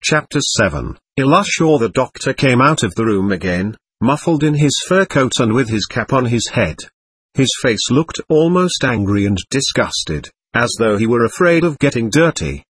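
A man reads a novel aloud with a husky voice, and his pitch moves in a lively way through the story. The recording is dry and close, with no room sound. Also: no room sound. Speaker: audiobook narrator. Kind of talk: scripted narration.

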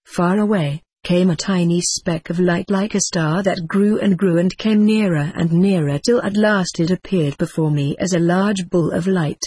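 A woman reading a first-person story aloud as an audiobook narrator, in a measured and solemn dramatic manner. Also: fairly low pitch, a little mellow, slightly rough, no echo.

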